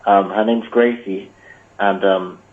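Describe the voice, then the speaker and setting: A man's voice: fairly low pitch, fairly even intonation, slow pace. A man calling in as a prank, rambling and hesitant, full of "like" and "um". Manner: rambling, hesitant with many likes. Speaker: caller. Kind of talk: prank call. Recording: tinny phone line.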